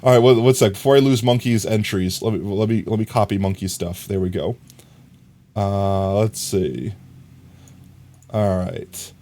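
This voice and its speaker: A man's voice: lowish voice, measured pace, dark tone. A man streaming live, chatting casually, reading viewers' messages and laughing as he rambles. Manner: rambling, laughing, reads chat aloud.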